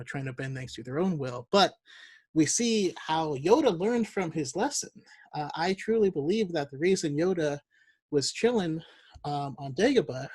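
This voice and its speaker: A man with a fairly high voice chats on a podcast in a relaxed, reflective way. His voice sounds dry and close, with no room sound around it. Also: no echo. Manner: relaxed, reflective, laughs easily. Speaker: podcast co-host. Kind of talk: casual chat.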